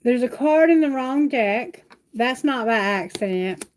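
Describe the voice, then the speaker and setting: A high-pitched woman reads tarot on a live stream from home. She speaks affectionately to viewers and puts her questions aloud to Spirit. The recording carries a clear layer of background noise. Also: expressive, measured pace, poor audio. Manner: affectionate, reassuring, calls viewers sweetheart and baby; asks questions aloud to Spirit while drawing cards. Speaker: tarot reader. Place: at home, near her bedroom.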